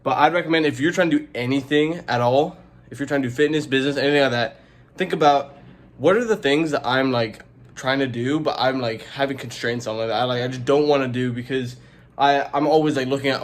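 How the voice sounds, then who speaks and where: A man's voice: medium pitch, brisk. A young man talking in a casual self-help vlog, rambling with lots of filler words. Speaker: YouTuber.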